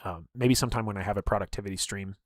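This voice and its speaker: A man's voice: fairly low pitch, very fast, no echo, studio quality. A man telling stories in casual chat, rambling with many fillers and openly emotional. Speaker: streamer and game player.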